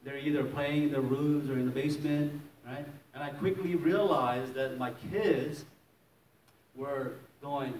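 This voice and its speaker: A man's voice: mid-range voice, steady tone, unhurried, a little mellow, slight background noise. Man pastor, storytelling sermon, chuckling, echoey hall, distant mic, faint ambience. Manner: storytelling, chuckling often, acting out quotes. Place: church hall.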